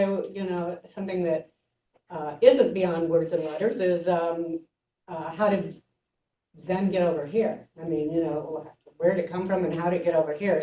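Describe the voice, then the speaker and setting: An older woman giving an informal talk as a Zen teacher, speaking haltingly with many fillers and restarts. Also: warm tone. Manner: acts out story voices with lifted pitch. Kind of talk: informal lecture. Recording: echoey room, mic far off, dull sound.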